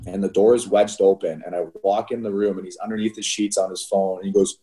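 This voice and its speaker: Animated, low-voiced man telling stories. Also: moderate pace. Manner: animated storyteller, laughs through anecdotes, frequent "right?". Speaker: youth hockey coach, podcast co-host. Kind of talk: casual storytelling chat.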